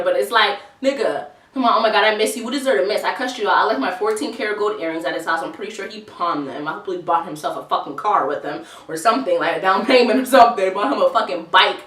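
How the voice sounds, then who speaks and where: Bright, profane woman telling a storytime. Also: mid-range voice, quick pace, few pauses, far from the mic. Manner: profane, animated, laughing often. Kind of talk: casual storytime. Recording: roomy echo, voice a bit off-mic.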